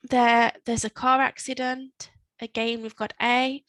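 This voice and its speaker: A woman teaching a Spanish lesson, explaining patiently step by step and repeating words slowly. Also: a little high, monotone, fairly bright tone, dry recording. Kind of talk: online language lesson. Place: in Spain.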